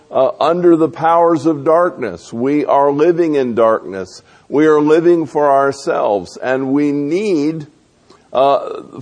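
A man preaching a sermon, deliberate and full of rhetorical questions, pausing often on fillers. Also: on the high side, darkish tone.

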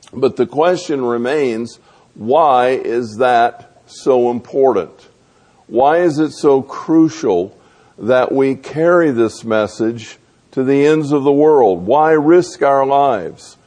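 A man preaching a sermon, deliberate and full of rhetorical questions, pausing often on fillers. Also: mid-range voice, a little mellow.

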